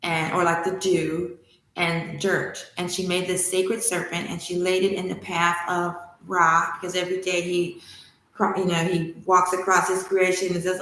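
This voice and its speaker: A woman hosting a spiritual livestream, teaching and telling a myth with enthusiastic, animated delivery. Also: fairly low pitch, moderate pace. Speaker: spiritual study host. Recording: echoey room.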